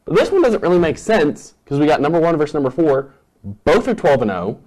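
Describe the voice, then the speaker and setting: A man's voice: on the high side, very animated, fairly quick, a little mellow, low-quality recording. Male host, casual sports talk, confident game picks. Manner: rattles off matchups and confident picks.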